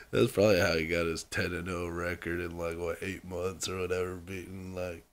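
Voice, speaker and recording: A man co-hosting a casual sports podcast, talking in an animated way and laughing often. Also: sits low, moderate pace, a little hiss or hum. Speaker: podcast co-host. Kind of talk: casual chat.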